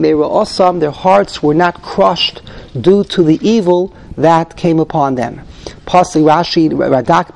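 A man with a gravelly, slightly high voice leads a text study class. He reads Hebrew phrases aloud, then translates and explains them, openly thinking out loud as he goes. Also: slight background noise. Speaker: Torah class teacher.

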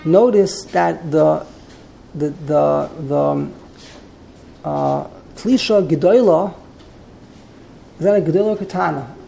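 Woman teacher, gravelly and mellow-toned, leads a text class with patient line-by-line explanations; faint room ambience behind. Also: sits low, takes it slowly, pauses often, a little hiss or hum, rough recording. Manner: explanatory, translates line by line, digresses.

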